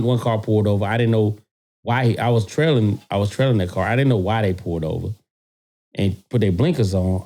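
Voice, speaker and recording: A man telling a story in a casual podcast chat, animated and profane, often repeating words as he gets worked up. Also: fairly low pitch.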